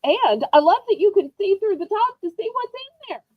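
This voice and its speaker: Woman auction host, high and lively voice, bubbly rambling sales chat, dry slightly dull home recording. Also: normal speed, no echo. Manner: bubbly, rambling, self-teasing. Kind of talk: chatty live-stream sales pitch. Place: indoors at home.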